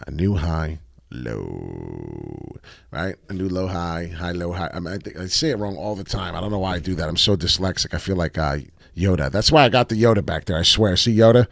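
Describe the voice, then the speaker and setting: A man hosting a casual crypto livestream, talking through charts with excitement and plenty of swearing, and greeting viewers from the chat. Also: low-pitched, creaky, no echo, clean studio sound. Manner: excitable, profane, reads chat aloud.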